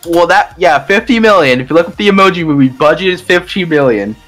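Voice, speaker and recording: Young male co-host, lively rambling podcast chat with a higher voice, faint music underneath. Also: fast talker. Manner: rambling, emphatic, many restarts. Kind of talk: casual chat.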